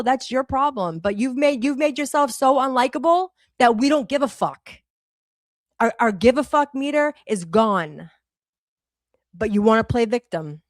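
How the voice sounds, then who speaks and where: A woman's voice: fairly high pitch, unhurried, no echo, studio quality. A woman in her forties with a Boston accent, co-hosting a livestream and ranting bluntly with lots of swearing. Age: 40s. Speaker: livestream co-host. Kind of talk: heated casual commentary.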